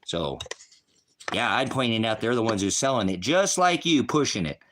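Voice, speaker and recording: A man's voice: mid-range voice, big pitch swings, normal speed, a bit bright, slight background noise. A man delivering a heated, profane livestream rant at his viewers, mixing insults with scripture quotes. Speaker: online preacher and streamer.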